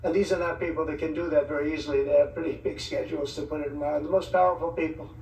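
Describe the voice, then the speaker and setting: A man's voice: on the high side, steady tone, racing, darkish tone. A man giving an off-the-cuff speech to visiting leaders, rambling with joking asides. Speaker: politician addressing foreign leaders. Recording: echoey, distant mic, faint background noise.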